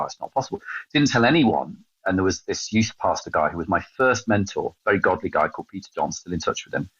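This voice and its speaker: An English man in his fifties, a podcast guest telling stories of his calling in a casual interview, animated and self-mocking. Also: low voice, slightly rough, dry recording. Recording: dull, slightly lo-fi sound.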